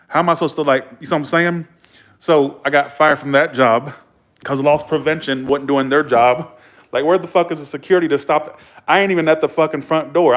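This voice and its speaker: Blunt, profane man telling stories. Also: a little high. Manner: blunt, profane, animated storyteller who acts out arguments; chuckles between remarks. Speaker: vlogger. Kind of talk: casual storytelling to camera.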